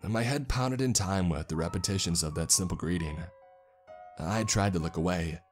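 A man with a deep, low-pitched voice tells a first-person horror story at a measured, deliberate pace. His delivery is steady and suited to scripted narration, with soft music playing faintly underneath.

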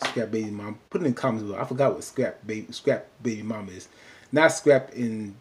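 A man's voice: on the low side, fast talker. A man casually recapping a TV episode in a loose, rambling way, filling his talk with "you know.". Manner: chatty, loose, full of "you know" fillers.

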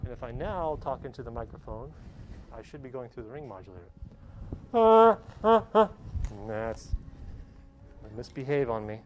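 This male college professor has a mid-range, brisk, slightly mellow voice, captured on a muffled recording. Leading a relaxed hands-on demo in class, he keeps checking with students by saying "okay?".

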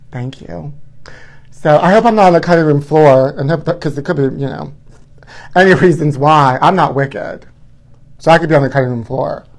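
A man hosting a live stream, chatting in a campy, gossipy way and calling his viewers honey. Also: on the high side. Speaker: livestream host.

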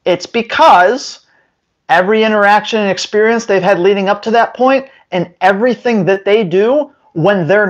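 Addressing viewers straight to camera, this man offers emphatic dog training tips, now and then voicing owners and dogs quickly. The high voice comes through with lo-fi sound.

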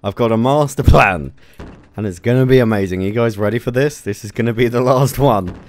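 A man commentating his own gameplay, excited, giggling often and exclaiming at explosions. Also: mid-range voice, a little fast. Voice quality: giggly, frequent laughter and exclamations. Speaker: gaming YouTuber.

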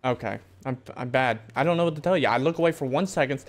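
A man's voice: mid-range voice, fast talker. A young man giving casual gameplay commentary, brash and joking, swearing often and talking back to the game. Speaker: gaming video host.

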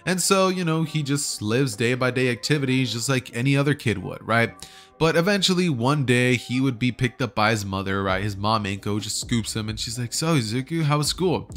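A man's voice: medium pitch, moderate pace, a bit bright, soft background music. Chatty young-sounding man telling a fan story. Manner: chatty, slangy, keeps asking "right?". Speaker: YouTuber.

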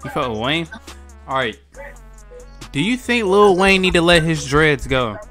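A man's voice: fairly high pitch, expressive, measured pace, a bit bright, soft background music. A man in his twenties hosting a video chat prank, teasing strangers with profane, joking banter. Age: 20s. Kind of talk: casual chat.

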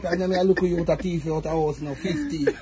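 A young man with a Jamaican accent telling animated stories in casual chat, laughing often, recorded on a phone. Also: on the high side, fast, over a noisy crowd. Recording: noisy phone video recording.

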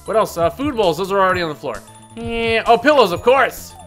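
Excitable gamer guy, bright forceful voice, jokey let's play commentary, faint music behind. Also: sits high, brisk. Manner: excitable, jokey, loud outbursts. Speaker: gaming video host.

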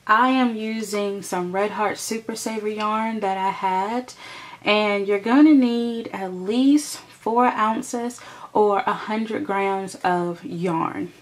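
A woman's voice: mid-range voice, takes it slowly. A woman hosting a crochet tutorial, patiently explaining each step and counting stitches aloud as she works.

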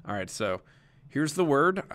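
A man's voice: fairly high pitch, sing-song, unhurried, a bit bright. A young adult male teacher giving a conversational recorded lecture, explaining step by step with frequent fillers and restarts.

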